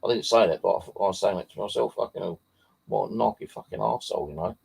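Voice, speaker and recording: A paranormal vlogger from Bexley in southeast London tells a casual, rambling anecdote at a quick pace, swearing heavily and filling gaps with fillers. His voice is deep, gravelly and husky, low and dark in tone.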